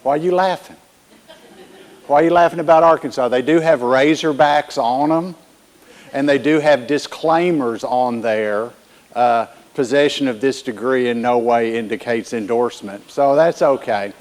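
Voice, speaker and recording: A man's voice: mid-range voice, unhurried, a little mellow. A man giving a conference keynote, joking with the audience and telling them what to do. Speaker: keynote speaker.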